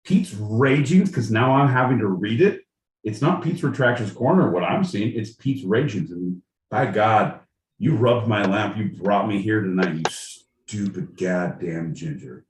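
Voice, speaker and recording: A man's voice: lowish voice, animated, unhurried, far from the mic. Ranting, profane man in an echoey room. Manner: profane, ranting, mock-outraged. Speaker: podcast co-host. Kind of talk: casual podcast chat. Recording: echoey room with faint noise.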